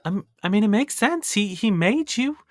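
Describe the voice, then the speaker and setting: High-pitched halfling woman cook, motherly, fussing and apologetic, very dry close sound, a man putting her on in a tabletop game. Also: big pitch swings, moderate pace, fairly bright tone, no echo. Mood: soothing.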